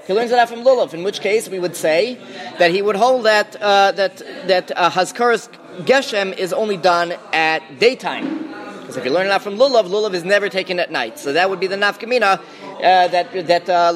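Man teaching a Talmud class, slightly high voice. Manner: thinking aloud with restarts and Hebrew-Aramaic terms.

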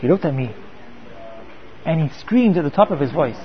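A man's voice: a little high, expressive, normal speed, long pauses, warm tone, low-quality recording. A man teaching a Torah class, often repeating words and mixing in Hebrew terms.

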